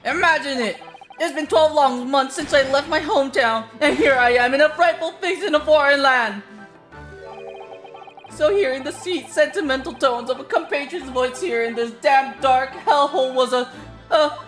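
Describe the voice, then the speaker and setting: A woman voicing an excitable, paranoid young male student prisoner with loud, theatrical outbursts. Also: sits low, moderate pace. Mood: overjoyed. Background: game music.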